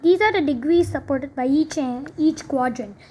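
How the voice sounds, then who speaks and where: A woman's voice: sits high, normal speed, darkish tone, slight background noise. A young woman tutoring math in a casual, chatty way, full of fillers and self-corrections. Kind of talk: casual explaining while writing.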